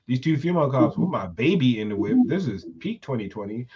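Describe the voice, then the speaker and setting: A man on a podcast in casual chat, lively and laughing often, mimicking people in his stories. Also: brisk, breathy edge. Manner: lively, laughs a lot, jumps high to imitate people. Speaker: podcast co-host. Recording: dull lo-fi sound.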